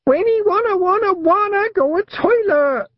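A man's voice: very high voice, animated, moderate pace, no room sound, lo-fi sound, pitched above the performer's own voice. A shrieking little boy. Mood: whining. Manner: shrieking, whining, repetitive. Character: whiny small boy toddler.

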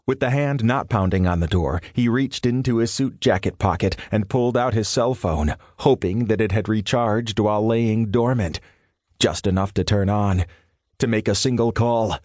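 Male audiobook narrator, lowish voice, dry studio sound, measured suspense. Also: a little mellow, dry recording. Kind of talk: scripted thriller narration.

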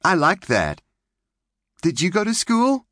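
A man's voice: sits high, wildly swooping pitch, slow pace, a bit bright, no echo, pitched above the performer's own voice, exaggerated voice. A man voicing an eager, chatty little pioneer girl in an audiobook.

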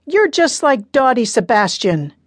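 A woman's voice: a little high, big pitch swings, unhurried, no room sound, studio quality, voice pushed up. A woman narrator voicing a defensive, upset teenage daughter in an audiobook, pleading her case. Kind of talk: audiobook character reading.

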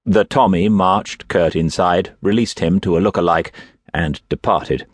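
Low-voiced guy reading a thriller audiobook, dry close mic. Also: no room sound. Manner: measured, steady storytelling. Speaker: audiobook narrator. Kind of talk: scripted narration. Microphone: close studio mic.

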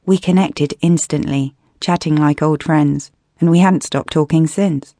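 Warm-voiced British woman narrating an audiobook. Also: sits low, steady tone, a little slow, dry recording, clean studio sound. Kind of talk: scripted first-person audiobook narration.

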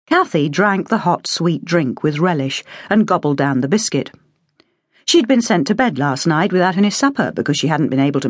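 A woman's voice: low voice, dry recording, studio quality. A woman reading a novel aloud as an audiobook narrator, telling the story expressively. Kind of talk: scripted narration.

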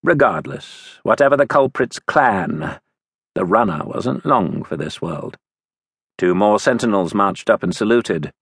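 A man narrating a romance audiobook in measured scripted storytelling on a close studio mic. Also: on the low side, animated, creaky, slightly rough, no room sound.

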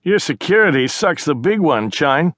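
Audiobook: narrator playing a careless, cocky young man, raised pitch, loose and offhand. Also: sing-song, moderate pace, a bit bright, dry recording, studio quality.

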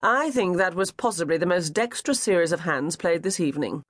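A man doing a smooth English gentleman. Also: sits high, a little fast, no echo, studio quality. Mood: polite. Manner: courteous, flattering.

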